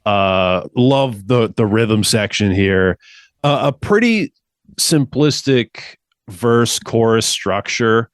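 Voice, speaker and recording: A man's voice: mid-range voice, slow pace, no echo, studio quality. A man in a casual podcast discussion about an album, talking with enthusiasm and filling his sentences with "like". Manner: enthusiastic, fillers and "like".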